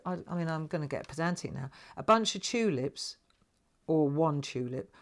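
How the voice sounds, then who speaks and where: A woman in her sixties with a South London accent, chatting and laughing as host of a live craft stream, often tagging her sentences with "right?". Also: sits low. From England. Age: 60s. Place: home craft room.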